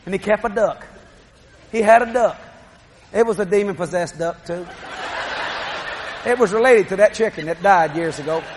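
A middle-aged male preacher delivers a sermon full of storytelling and laughing asides. His voice sits high for a man. A faint hum runs under the recording. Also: moderate pace, pauses often.

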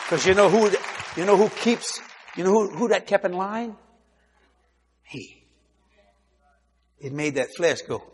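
Animated storytelling preacher, slightly high voice. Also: male voice, normal speed, long pauses, long reverb tail, some chatter behind. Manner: animated, acts out dialogue, laughs often. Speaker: preacher, head of a ministry. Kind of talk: storytelling sermon.

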